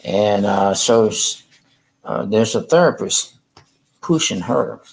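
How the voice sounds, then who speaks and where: A man rambling and halting through a casual livestream chat from a room in a rehab facility. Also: lowish voice, animated, creaky, poor audio. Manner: halting, rambling, repeats himself.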